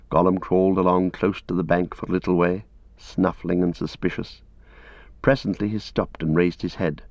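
This man reads a fantasy story aloud in a steady, measured way, his voice sitting low. The recording is dry and close but a bit dull and lo-fi. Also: dry recording. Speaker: audiobook reader. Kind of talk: scripted narration.

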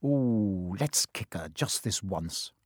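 A man voicing a blunt, loyal teenage boy in an audiobook, with a low, muttered delivery. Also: big pitch swings, measured pace, darkish tone, husky, dry recording, clean studio sound.

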